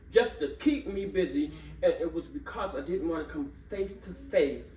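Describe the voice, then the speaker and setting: Expressive older woman, distant and roomy. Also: on the low side, a little hiss or hum. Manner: expressive storyteller, laughs often. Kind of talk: candid group discussion.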